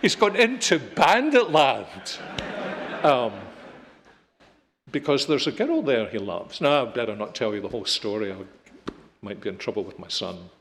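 A middle-aged man preaching a sermon, emphatic, rising to loud peaks and dropping to quiet, slow stresses. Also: expressive. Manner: emphatic, building to loud peaks then dropping low and soft. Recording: long hall reverb.

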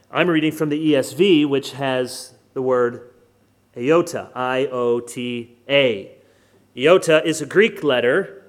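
An American man preaching an expository sermon, stressing key words by slowing down and dropping in joking asides. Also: medium pitch. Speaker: pastor.

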